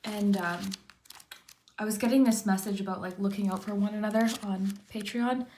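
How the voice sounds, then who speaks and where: A woman giving a monthly tarot reading in a gentle, reassuring way, often repeating her encouragement. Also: mid-range voice, fairly even intonation, moderate pace, slight background noise. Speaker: tarot reader.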